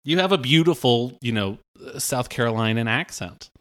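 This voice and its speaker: A man co-hosting a comedy podcast, pitching rambling ideas in rushed bursts. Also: animated, a bit bright. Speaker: producer and co-host.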